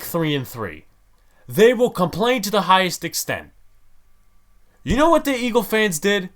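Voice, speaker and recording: A man's voice: a little high, a bit bright. A man hosting a sports podcast, ranting in a heated, exasperated way. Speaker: podcast host.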